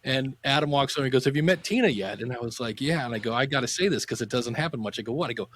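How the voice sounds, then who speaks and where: A middle-aged man, a podcasting teacher, telling anecdotes in a casual interview and acting out quotes with sudden pitch jumps. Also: lively intonation, racing, hardly any pauses, a bit bright.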